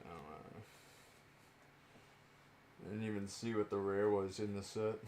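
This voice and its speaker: A man's voice: fairly low pitch, slight background noise. A young man chatting casually on his live stream as he opens card packs, rambling and joking about himself.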